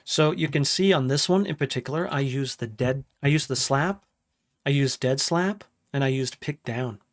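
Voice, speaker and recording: Man, casual streamer, mid-pitched voice, hums riffs out loud, home studio. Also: normal speed. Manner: talks while working, hums riffs aloud, greets chat. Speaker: music producer streaming a session. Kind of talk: casual live-stream walkthrough.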